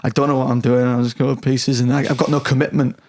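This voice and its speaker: A man's voice: medium pitch, flat delivery, fast talker, darkish tone. A man in his thirties with a Yorkshire accent, a guest actor talking candidly on a podcast, self-deprecating and full of restarts and swearing. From Yorkshire, England. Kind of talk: casual podcast chat.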